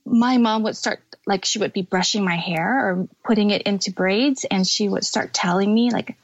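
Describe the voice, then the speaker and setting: A woman's voice: mid-range voice, no room sound. Candid woman guest, slightly muffled. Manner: candid, tearful at times, halting. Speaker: podcast guest. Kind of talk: emotional personal storytelling.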